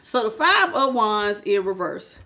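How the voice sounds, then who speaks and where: A woman's voice: medium pitch, very animated, unhurried, pushed and bright. A woman giving a casual live-stream tarot reading, chatty and frank, greeting viewers by name. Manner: frank and familiar, calls viewers y'all, child and baby.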